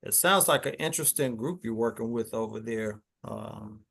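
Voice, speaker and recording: A man's voice: lowish voice, moderate pace, vocal fry, fairly bright tone. A man hosting a podcast interview, attentive and prompting his guest with short affirmations. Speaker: podcast host.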